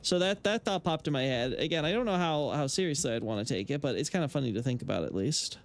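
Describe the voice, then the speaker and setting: A man with a fairly high voice talks loosely about game lore while he plays. He rambles, circles back and stacks fillers and restarts, then drops blunt opinions. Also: lively intonation, fast talker. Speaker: gaming lore streamer. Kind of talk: casual live-stream chat while playing.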